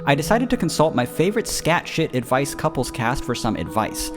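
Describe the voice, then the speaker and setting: A man reads a listener's email aloud on a casual podcast, tripping over the odd word and cursing cheerfully as he goes. Loud plucked guitar music plays behind him throughout. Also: mid-range voice, big pitch swings, brisk. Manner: swears freely, stumbles and laughs through the reading. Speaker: podcast co-host.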